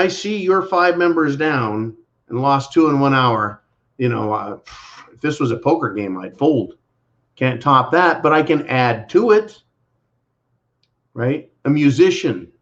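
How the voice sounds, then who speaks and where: A man's voice: on the high side, fairly bright tone. Sarcastic American man, dull audio. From United States. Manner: mocking, repeating sarcastic catchphrases, calls listeners folks. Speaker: channel host. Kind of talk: sarcastic political commentary.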